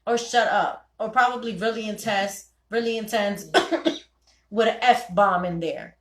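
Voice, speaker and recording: A young woman hosting a ladies' night call, giving animated, preachy advice and quoting her husband in voices. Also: mid-range voice, slow pace, roomy sound. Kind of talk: casual talk to listeners.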